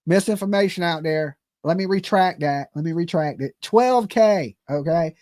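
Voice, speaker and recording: A man's voice: a little high, moderate pace, darkish tone, no echo, studio quality. A man hosting a casual livestream, talking brashly with lots of swearing and laughter, and punctuating points with "okay?". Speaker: livestream commentary host. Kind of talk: casual reaction commentary.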